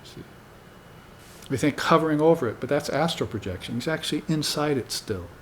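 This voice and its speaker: A man giving a spiritual dharma talk to students in an unhurried, conversational way, often tagging his points with "you see". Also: on the high side, expressive, slight background noise. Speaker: spiritual teacher.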